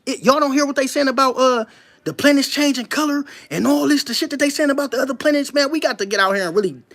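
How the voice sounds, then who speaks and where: A commentator talking straight to viewers in a casual monologue, emphatic and full of rhetorical questions, stopping to read passages aloud slowly before commenting on them. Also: sits high, a bit bright. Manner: emphatic, keeps firing rhetorical questions at listeners. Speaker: online commentator.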